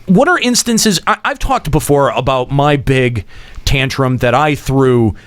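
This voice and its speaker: A man's voice: mid-range voice, animated, a little slow. A man hosting a casual gaming podcast, thinking aloud in long winding sentences and swearing casually. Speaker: podcast host leading the discussion. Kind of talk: casual panel chat.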